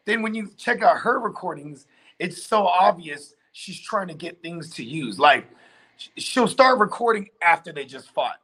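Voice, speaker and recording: A man's voice: high voice, lively intonation, normal speed, sharp tone. A man hosting a casual chat, telling a long story loosely with lots of fillers and swearing. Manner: rambling storyteller, heavy filler and profanity.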